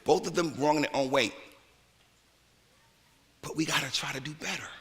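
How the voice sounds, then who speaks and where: Male minister, lively conversational sermon, crisp bright tone, long church reverb. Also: fairly high pitch, normal speed. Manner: conversational, colloquial preaching with playful put-on voices. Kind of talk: lively sermon with acted asides. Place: church sanctuary.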